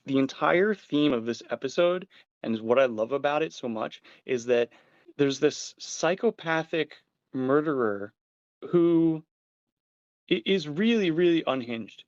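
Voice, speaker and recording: A man hosting a casual chat show, telling stories with animated energy and some casual swearing. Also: a little high, measured pace, no echo, highs cut off. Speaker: podcast host.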